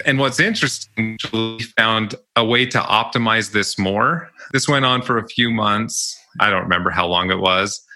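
On the low side, this young man's voice sounds pushed and bright. He's a podcast guest casually chatting through stories of his college jobs, laughing frequently, in a relaxed storytelling interview.

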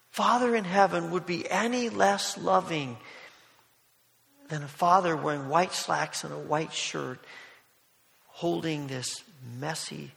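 A man preaching a sermon, telling a story in a gentle, conversational way with soft asides. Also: high voice, vocal fry. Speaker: pastor. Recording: long hall reverb.

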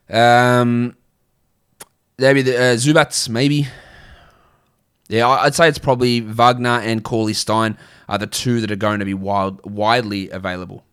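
An Australian man in a middle-pitched voice hosts a casual livestream. He talks in a chatty, blunt way, answering viewer questions with frequent restarts and filler words. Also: fairly even intonation, moderate pace, long pauses, fairly bright tone, clean tone. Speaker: fantasy basketball livestream host.

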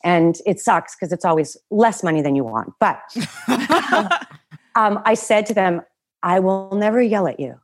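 Middle-aged woman guest, lowish voice, dry close mic, lively anecdotes with quoted voices. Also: dry recording. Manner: animated storyteller, acts out quotes. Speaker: guest, writer and actor. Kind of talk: casual podcast chat, storytelling.

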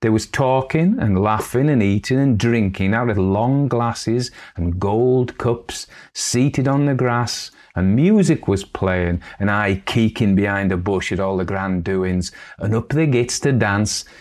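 A man voicing an eager, foolish young country girl who speaks in Northern English dialect and tells her tale excitedly. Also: lowish voice, a little slow, few pauses, close to an everyday voice.

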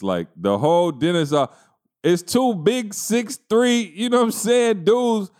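A man's voice: high-pitched, expressive, measured pace, darkish tone, smooth. A man co-hosting a podcast, telling a funny story in loose slangy casual chat and laughing often. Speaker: podcast co-host.

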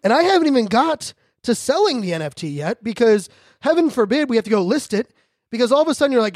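High-voiced, high-energy joking man. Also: very animated, fast, darkish tone, no room sound, studio quality. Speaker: podcast host. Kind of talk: casual monologue.

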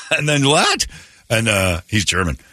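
A man's voice: fairly low pitch, animated, moderate pace, sharp tone, dry recording, studio quality. A man hosting a morning radio show, joking loosely and rambling through crude stories with frequent laughs.

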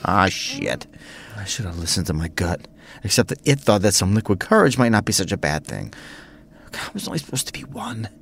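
A man's voice: low voice, very animated, fairly quick, gravelly, a bit bright, a little hiss or hum, heavily acted. A man voicing a nervous young priest who rambles and stumbles when flustered.

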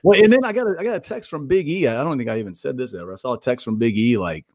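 A man races through his stories in a casual interview, swearing freely and tripping over quick restarts. The sound is dry and close, with no room around it. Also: medium pitch, no echo. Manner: profane, animated storyteller with quick stammering restarts. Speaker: pro wrestler guest.

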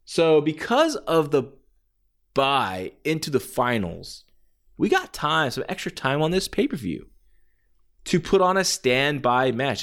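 A man talking casually and at length as a wrestling fan, rambling and acting out quoted lines in a raised, shouty voice. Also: a little high. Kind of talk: casual podcast-style monologue.

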